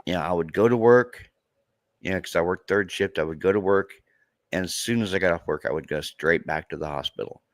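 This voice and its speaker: A tearful man with a very low voice, speaking haltingly and circling back over his own words. The sound is close and dry, with no room around it. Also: dry recording. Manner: halting, repeats himself, voice breaking. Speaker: true crime content creator. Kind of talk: emotional podcast conversation.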